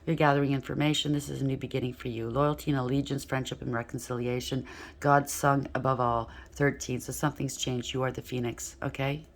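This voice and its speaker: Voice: medium pitch, flat delivery, fairly quick, vocal fry. A tarot reader giving a casual spoken reading, talking straight to the listener, checking in with "right?" and "okay?", and now and then tripping over words and starting again. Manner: addresses the listener directly with frequent rhetorical checks; stumbles and restarts while talking.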